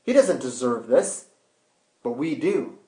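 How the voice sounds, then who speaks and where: A man's voice: medium pitch, animated, takes it slowly, warm tone. A man voicing a repentant male criminal who earnestly rebukes another. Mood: urgent. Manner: urgent, pleading, earnest. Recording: roomy echo.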